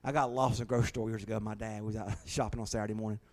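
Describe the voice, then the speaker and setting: A middle-aged man preaching a sermon, telling folksy stories that swing from hushed to loud. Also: lowish voice, little pitch movement, very fast. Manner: folksy storytelling, shifting from hushed to shouting. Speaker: pastor.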